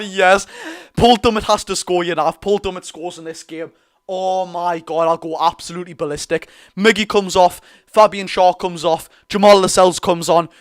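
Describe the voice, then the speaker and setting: A young man with a Geordie accent doing live fan play-by-play of a football match, partisan, repetitive and excitable, breaking into loud celebrating. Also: sits high. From North East England. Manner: partisan play-by-play with repeated phrases. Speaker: fan watch-along streamer.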